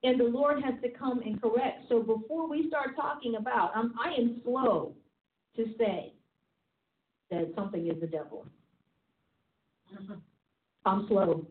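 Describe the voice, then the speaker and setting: A woman's voice: on the high side, a little slow, pauses often. A woman apostle preaching a teaching sermon, emphatic and repetitive with a chatty, laughing manner. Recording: tinny phone-like sound in an echoey room.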